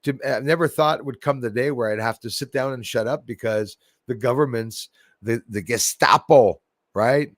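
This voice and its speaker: A man's voice: medium pitch, moderate pace, dry recording. Chatty man on a dry mic. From Canada. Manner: chatty, rambling, laughs often. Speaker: livestream host. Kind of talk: casual chat reading viewer comments.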